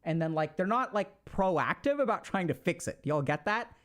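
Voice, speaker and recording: A man giving relationship advice in a casual, explanatory talk, full of fillers and quick "right?" check-ins. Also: sits high, lively intonation, a bit bright.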